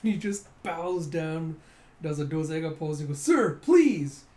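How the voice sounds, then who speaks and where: A man casually reading through a comic, narrating in an excitable way, constantly saying "you see" and "he's like.". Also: fairly high pitch, moderate pace. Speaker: comic reader.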